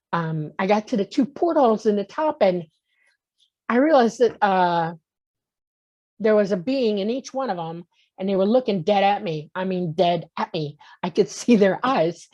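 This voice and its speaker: A woman in her sixties, a talk show guest, recounts a personal story, voicing the characters and repeatedly checking in with "okay?". Her mid-range voice is expressive and darkish, at normal speed. The audio is muffled and lo-fi.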